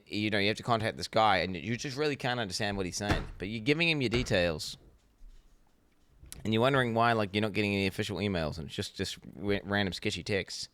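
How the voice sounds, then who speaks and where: A man's voice: lowish voice, fairly bright tone, clear, resonant tone, no echo. A man, streaming and giving blunt, rambling reaction commentary, swearing freely.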